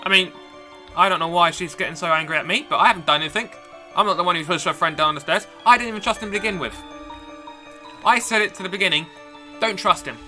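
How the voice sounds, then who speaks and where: A man's voice: high-pitched, fast talker, pushed and bright. A man giving casual, rambling gameplay commentary while voicing a story game. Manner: rambling, exasperated. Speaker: let's play gamer. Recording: game music behind.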